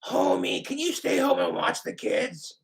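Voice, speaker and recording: Nagging cartoon wife, high; man impersonating. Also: sing-song, measured pace, vocal fry, recorded from a distance, exaggerated voice. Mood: scolding.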